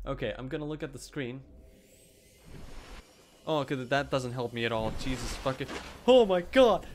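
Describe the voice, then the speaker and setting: A streamer reacting live to a game, swearing constantly, whose voice jumps to squeaky highs when startled.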